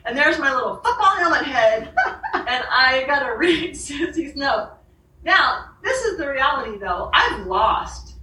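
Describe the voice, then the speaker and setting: A woman's voice: high-pitched, expressive, unhurried, sharp tone, roomy sound, recorded from a distance, poor audio. A woman telling a personal story as a guest in a conversation, laughing often and acting out the voices of the people she quotes. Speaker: author and podcast guest.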